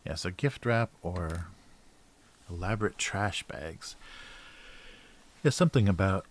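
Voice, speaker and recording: Low-voiced man chatting while drawing. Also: animated, slow. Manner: mumbling to himself, trailing off, soft laughs. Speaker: cartoonist livestreamer. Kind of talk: casual chat while drawing.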